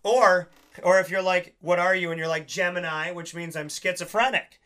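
A young man with a bright, fairly high voice talks in a loose, rambling way. He hosts a casual chat and tells long stories, and he acts out the lines of the people he quotes. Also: normal speed. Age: young adult.

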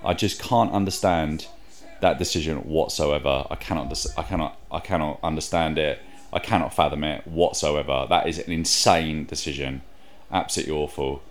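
A man's voice: rumbling low, steady tone, moderate pace. A man hosting a wrestling review podcast, exasperated and swearing, repeating himself as he vents. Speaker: podcast host. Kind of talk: heated wrestling review chat.

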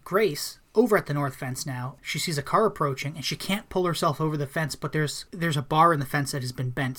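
A man's voice: on the high side, fairly bright tone. A man casually recapping a film on a podcast he co-hosts. He laughs often as he talks and now and then acts out the characters' lines. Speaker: podcast co-host. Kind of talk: casual movie recap chat.

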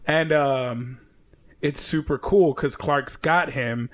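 A man's voice: medium pitch, slow. Man animatedly retelling a comic. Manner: animated retelling with acted-out quotes and frequent swearing. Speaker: comic book podcast co-host. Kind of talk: casual chat. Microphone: headphones and mic setup.

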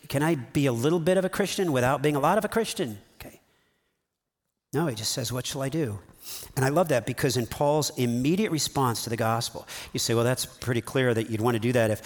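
A middle-aged male pastor giving a sermon in a conversational, animated way, acting out quotes as he teaches. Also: medium pitch.

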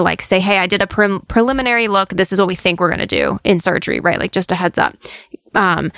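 Woman, podcast host, chatty and animated, dry close recording. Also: on the low side, vocal fry, clear, resonant tone, dry recording. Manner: chatty and expressive, acts out quotes. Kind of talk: casual chat.

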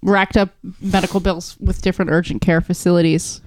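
A podcast co-host in casual chat who tosses in joking asides and quick remarks. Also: medium pitch, level tone, a little hiss or hum.

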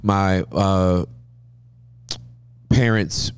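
Low-voiced storytelling man in his forties. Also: very slow, clear, resonant tone. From Southern California, US. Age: 40s. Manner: humorous, lively storyteller. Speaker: guest pastor. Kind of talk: interview storytelling.

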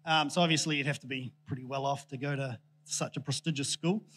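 A man's voice: mid-range voice, steady tone, quick pace, fairly bright tone, slight background noise. A man giving a casual, joking sermon to a church congregation, chatty and self-deprecating with plenty of ums. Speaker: preacher.

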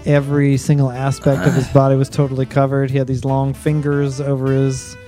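A man's voice: medium pitch, monotone, brisk, dark tone, soft background music. A man co-hosting a casual podcast chat, telling stories and laughing often. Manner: chatty storyteller, laughs often. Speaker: podcast co-host.

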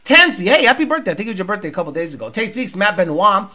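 A man hosting a casual livestream, rambling and profane, rattling off sponsor plugs and viewer names and mocking others with loud impressions. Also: sits high, sing-song, rapid-fire. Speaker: show host.

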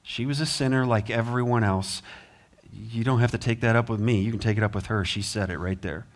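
A man's voice: fairly low pitch, fairly quick. A man preaching a sermon as pastor, earnest, with rising emphasis, American accent. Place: church sanctuary.

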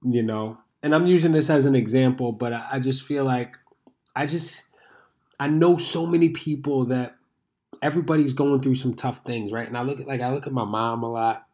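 A man's voice: mid-range voice, normal speed, darkish tone. A man in his thirties hosting a show, talking in a rambling, conversational way and swearing freely. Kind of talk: casual monologue.

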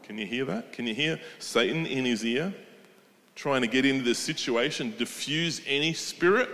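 Male preacher, mid pitch, emphatic sermon delivery, recorded with long reverb. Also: normal speed, bright, forceful tone. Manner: emphatic, asks the congregation questions. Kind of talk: sermon retelling a story with commentary.

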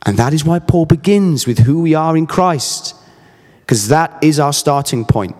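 A man's voice: on the high side, animated, measured pace, a little mellow, in a large hall. A man in his thirties preaching a sermon, earnest and emphatic, mixing scripture with personal stories. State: briefly emotional.

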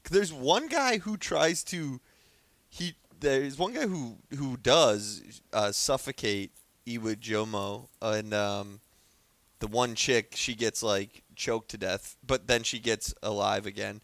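A man co-hosting a podcast in casual comedic chat, lively and giggly, often asking questions. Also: mid-range voice, slow, no room sound. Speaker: podcast co-host.

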